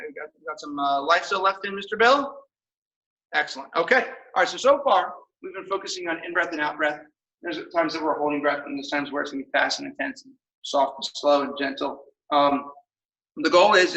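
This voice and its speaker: A man teaching a martial arts class, calling out commands with energetic shouts and laughter. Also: fairly high pitch. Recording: echoey room, mic far off.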